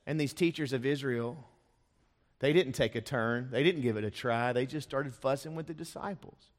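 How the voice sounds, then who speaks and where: Preacher in a reverberant church hall. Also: male voice, mid-range voice, normal speed. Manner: dramatic storytelling, acting out voices. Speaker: pastor. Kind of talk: sermon. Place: church sanctuary.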